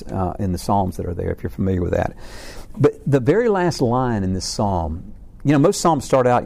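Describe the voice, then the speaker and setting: A man's voice: medium pitch, warm tone. A middle-aged man giving an informal faith talk about family struggles, earnest and rambling, with many restarts and repeated words.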